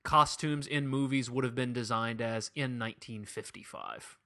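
A man co-hosting a podcast in casual chat, dropping dry, wry quips and deadpan asides. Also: mid-range voice, moderate pace, vocal fry. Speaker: podcast co-host.

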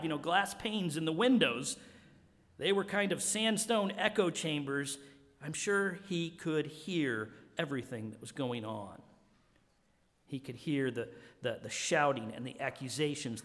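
A male pastor preaching a sermon, animated and emphatic, often restarting and repeating words. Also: on the high side. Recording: long hall reverb.

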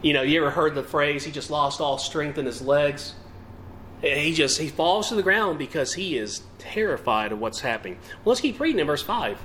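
A man's voice: fairly high pitch, animated, normal speed, fairly bright tone, a little hiss or hum. A man preaching a sermon to a congregation, asking them questions and reading scripture with emphatic, rising and falling delivery.

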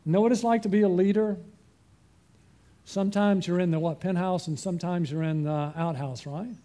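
An older male pastor delivers a sermon in a fairly high voice with a mellow, warm tone. He often stops to put questions to the congregation and waits for answers. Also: normal speed.

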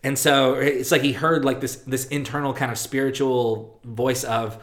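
A man giving a sermon at a middling pitch. He hesitates often and circles back over his words, then lets each phrase sink low and quiet at its end. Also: steady tone. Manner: halting, many fillers and restarts, soft drop at phrase ends. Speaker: pastor. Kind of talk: sermon with a read passage.

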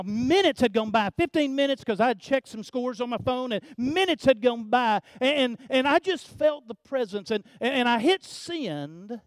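An older man preaching a sermon, telling a family story in a folksy way, often repeating words and swinging from hushed to loud. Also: sits high, no room sound, studio quality. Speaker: pastor.

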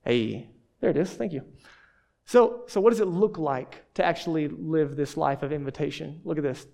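A man preaching a sermon to a congregation as pastor, speaking in an animated, conversational way with emphatic repetitions. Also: on the high side, moderate pace, gravelly. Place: church hall.

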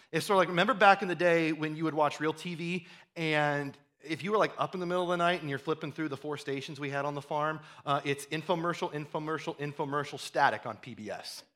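A pastor preaching a sermon in a conversational way, often restarting his words and building to loud, fired-up stretches. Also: fairly high pitch. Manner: animated preaching that rises to loud, fired-up bursts.

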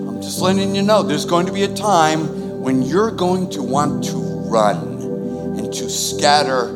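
A man's voice: fairly high pitch, animated, a little slow. A man, preaching a conversational sermon with sudden swings in volume. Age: 60s. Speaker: pastor. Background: new-age music.

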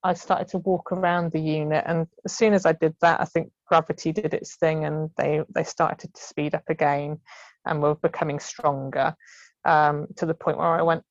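A woman's voice: low-pitched, little pitch movement, normal speed, no echo. A woman in her thirties, a podcast guest at home on a remote call, telling her story in a chatty way, often laughing and acting out what others said. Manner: chatty, laughs often, acts out quoted voices. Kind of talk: casual storytelling. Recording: slightly muffled call audio.

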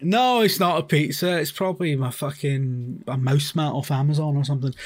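A man's voice: fairly high pitch, brisk. A man with an Edinburgh Scottish accent co-hosting a podcast, rambling casually with lots of fillers and swearing. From Scotland. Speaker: podcast co-host. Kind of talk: casual chat.

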